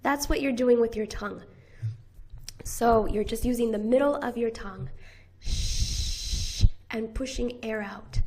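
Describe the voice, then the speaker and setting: A woman with a General American accent teaching pronunciation, repeating each sound slowly and deliberately. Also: on the high side, a little mellow, a little hiss or hum. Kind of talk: slow, careful pronunciation lesson.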